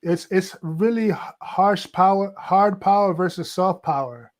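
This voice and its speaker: High-voiced man, hesitant talker. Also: measured pace. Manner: hesitant, stacks fillers like "right?" and "like". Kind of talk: casual opinionated discussion.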